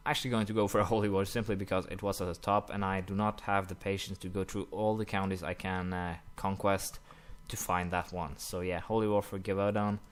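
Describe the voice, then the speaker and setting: Young guy chatting over his strategy game, kinda low voice, lots of uh's. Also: little pitch movement, a little fast, hardly any pauses. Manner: rambling, many "uh" fillers, apologetic asides. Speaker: gaming commentator. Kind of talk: casual let's-play commentary.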